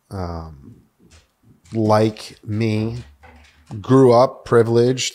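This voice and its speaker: This New York City guest, a man in his thirties, speaks in a fairly low, slightly mellow voice. Candid and casual, he tells his personal story on the podcast, cursing often and leaning on "uh" and "like."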